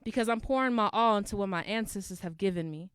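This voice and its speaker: A woman's voice: mid-range voice, fast, clean tone, dry recording. A young adult woman performing spoken word poetry at an open mic, with rhythmic, emphatic delivery and call and response with the crowd.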